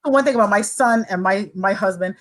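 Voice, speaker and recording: A woman's voice: mid-range voice, quick pace, low-quality recording. A woman from Saint Croix, talking as a podcast guest in an earnest, encouraging way. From Saint Croix, U.S. Virgin Islands. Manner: earnest, encouraging, talks in long runs. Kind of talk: casual chat.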